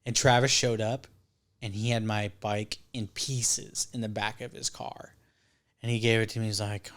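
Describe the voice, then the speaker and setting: Homme qui raconte une histoire en jurant. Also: male voice, fairly low pitch, level tone, moderate pace, fairly bright tone. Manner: profane, rambling, acts out quotes. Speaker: podcast guest. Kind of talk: casual storytelling.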